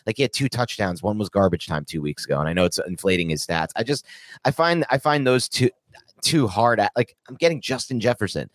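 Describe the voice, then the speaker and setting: A low-voiced man talks fast on a podcast, firing off rhetorical questions as he makes his case. He sounds emphatic and sure. The recording is close and dry. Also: expressive, no room sound. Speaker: podcast co-host. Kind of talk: casual podcast chat.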